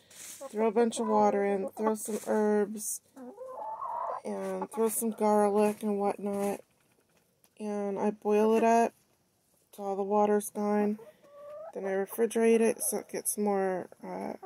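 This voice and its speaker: A woman keeping backyard hens, chatting casually on a phone video about how she feeds them, with hens heard nearby. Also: medium pitch. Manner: coos to her hens in a sing-song baby voice between plain explanations. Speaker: backyard chicken keeper. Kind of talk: casual vlog chat. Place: outdoors by a chicken coop. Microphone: handheld phone. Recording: noisy outdoor phone recording. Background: hens clucking.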